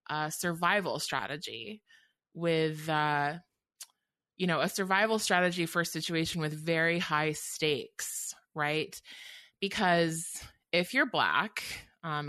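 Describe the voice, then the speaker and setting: A woman's voice: low-pitched, pushed and bright, no room sound. A woman author in an interview, speaking thoughtfully and earnestly, with frequent ums and restarts. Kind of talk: reflective interview talk.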